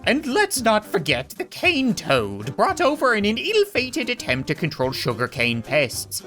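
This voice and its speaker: Guy doing a fake aussie nature doc narrator, over the top and slow, bounces all over in pitch. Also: huge pitch swings, sharp tone, soft background music, full character voice. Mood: mock solemn. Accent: bad fake Australian accent. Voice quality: exaggerated slow theatrical delivery. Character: mock nature-documentary narrator, male, grave.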